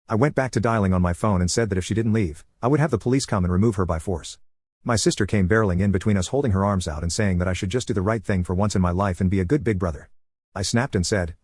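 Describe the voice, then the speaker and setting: Man, lower register, slightly breathy, fast steady storyteller read, dry close booth sound. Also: no room sound. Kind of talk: reading a first-person online story.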